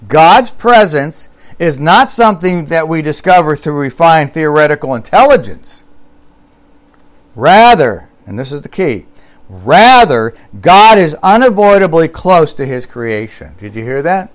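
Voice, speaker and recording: A male preacher with a slightly high voice delivers a sermon. He reads scripture aloud and leans on repetition, slowing down to drive key phrases home. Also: lively intonation. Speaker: pastor.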